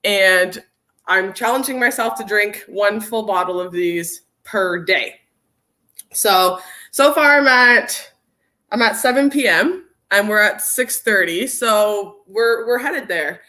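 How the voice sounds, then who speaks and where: A woman's voice: mid-range voice, takes it slowly, sharp tone. A young woman hosting an informal online workshop, chatting casually and greeting viewers by name as she reads their comments. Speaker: workshop host. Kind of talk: casual livestream chat.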